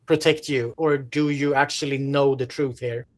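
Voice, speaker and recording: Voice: medium pitch, steady tone, moderate pace. A game master running a horror tabletop session with a mid-range voice. The narration wanders, full of "like" and restarts as the scene gets painted. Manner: rambling, descriptive, with many fillers.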